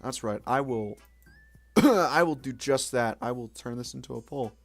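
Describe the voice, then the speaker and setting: A man's voice: medium pitch, a little slow, no echo. A young man streaming late at night, chatting casually with viewers in a rambling, self-mocking way, swearing now and then.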